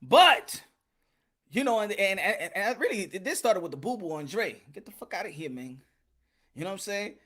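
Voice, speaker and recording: A man hosting a boxing commentary vlog, talking in an animated, slangy, joking way and often repeating himself. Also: high-pitched, normal speed. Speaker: boxing channel host.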